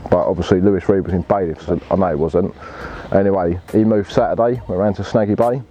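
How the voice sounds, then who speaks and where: Deep-voiced angler, blunt and laddish. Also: male voice, steady tone, fast, warm tone, dull audio, slight background noise. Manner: blunt, swears freely, laddish slang. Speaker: angler telling his story. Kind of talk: casual storytelling.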